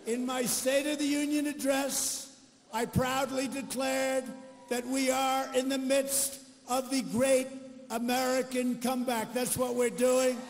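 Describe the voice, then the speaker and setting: A man's voice: extremely high pitch, level tone, a little slow, in a large hall, faint music behind. An older man giving a political rally speech, boastful and repetitive, full of off-the-cuff asides. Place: large arena rally.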